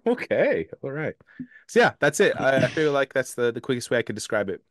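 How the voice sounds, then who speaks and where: A man on a casual podcast chat, speaking haltingly with plenty of fillers. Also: mid-range voice, very animated, fairly bright tone, no room sound, clean studio sound. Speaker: podcast guest.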